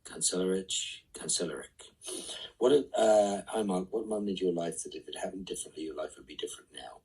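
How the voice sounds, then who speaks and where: A man's voice: low-pitched, normal speed, breathy edge, recorded from a distance, rough recording. A middle-aged man reading fan questions aloud on a live stream and answering them with dry, wry quips. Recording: voice set back from the mic.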